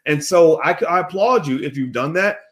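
A man hosting a casual commentary monologue, animated and profane, with many restarts. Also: a little high, normal speed. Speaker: host.

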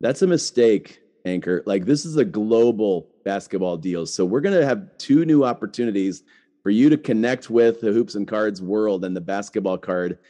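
Speaking at a moderate pace, a middle-aged podcast host has a fairly low, mellow voice with lively intonation. He keeps things casual, saying "like" constantly and backing up to restart his thoughts.

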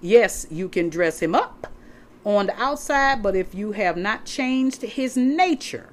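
A woman's voice: medium pitch, expressive, slow. A woman preaching a sermon to listeners she calls saints. She reads scripture aloud and explains it, stressing points by repeating words. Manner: reads scripture aloud from notes and flips pages.

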